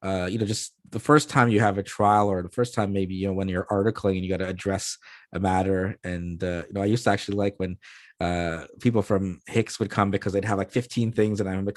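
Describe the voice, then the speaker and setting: A man's voice: low-pitched, fairly even intonation, fairly quick, dry recording, clean studio sound. A man hosting an interview, asking long, rambling questions with many fillers. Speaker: host, interviewer.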